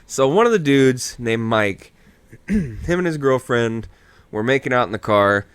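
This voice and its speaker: A man's voice: medium pitch, expressive, unhurried, smooth, dry recording. A tipsy man hosting a podcast, rambling through a movie recap in casual chat and swearing freely. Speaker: podcast host.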